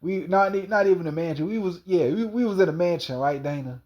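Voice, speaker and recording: A man's voice: sits high, quick pace, darkish tone, lo-fi sound. A man rambling through a slangy personal monologue, stumbling, repeating himself and calling an absent person by name. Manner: slangy, repetitive, stumbling retelling.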